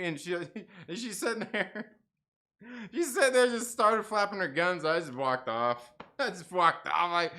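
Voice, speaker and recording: A man rambles through a story on his livestream, his voice bright and swinging up and down as he acts out each person. He repeats himself often and drops in casual swearing. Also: high voice, lively intonation, a little slow, pauses often. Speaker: channel host.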